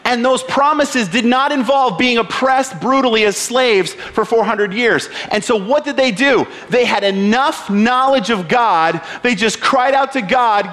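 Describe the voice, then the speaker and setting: A male pastor with a notably high voice delivers a sermon. His style is conversational. He keeps asking his listeners rhetorical questions. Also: measured pace, hardly any pauses, fairly bright tone.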